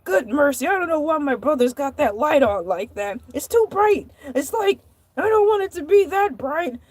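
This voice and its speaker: Woman voicing a male shark show host, high-pitched, rambling, indignant, repeats himself, dry close sound. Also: very animated, moderate pace, darkish tone, dry recording. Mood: irritated. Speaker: livestream host. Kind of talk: comedic live-stream character monologue.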